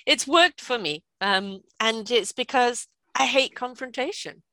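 Bright-voiced British woman in her sixties. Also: on the high side, measured pace, no echo. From Britain. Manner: lively, chatty, laughs often, asks "right?". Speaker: guest. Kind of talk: casual storytelling conversation.

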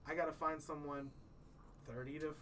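Brief: thirties male podcast host, bright rambling delivery, a bit off-mic with faint hiss. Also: on the high side, level tone, moderate pace, recorded from a distance, rough recording. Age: 30s. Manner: rambling, restarts often, tells stories. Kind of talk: casual chat.

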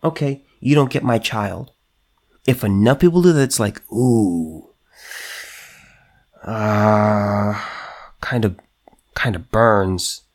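A man's voice: on the low side, slow, pauses often. A man hosting a solo commentary show, talking emphatically, repeating himself and restarting, and reading news items aloud.

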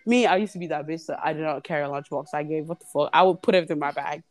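A young woman appears as a podcast guest, chatting casually and telling a story with lots of energy and plenty of swearing. Her voice sits low and she talks very fast.

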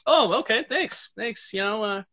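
Brief: man, guest actor, casual talk, halting and full of fillers. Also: high-pitched, animated, sharp tone. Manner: hesitant, halting, many fillers. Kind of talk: casual chat.

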